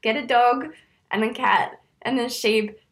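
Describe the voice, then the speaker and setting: A woman's voice: a little high, fairly even intonation, unhurried. A woman co-hosting a comedy podcast, bubbly and giggly, joking playfully. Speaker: podcast co-host. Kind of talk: comedic casual chat.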